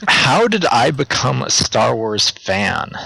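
A man's voice: medium pitch, big pitch swings, slow pace, gravelly, pushed and bright, low-quality recording. A man guesting on a podcast, answering in a hesitant, modest way with many ums. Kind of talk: casual podcast chat.

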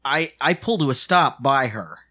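A man playing a tabletop game, speaking haltingly and stumbling over his words. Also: medium pitch, animated, pushed and bright. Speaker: player.

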